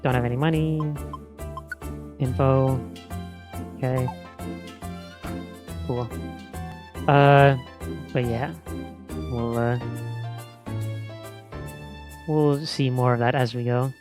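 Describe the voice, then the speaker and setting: A man's voice: medium pitch, steady tone, slow pace, long pauses. A man chatting casually as a streamer, rambling with lots of fillers while he plays. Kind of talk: casual let's-play commentary. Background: game music.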